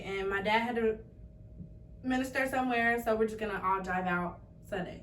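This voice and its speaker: A nineteen-year-old woman telling a story to her family in a casual chat, lively and quick to laugh, acting out what each person said. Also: medium pitch. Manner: animated, acts out quoted voices, laughs often. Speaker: podcast guest. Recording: echoey room, mic at a distance, faint noise.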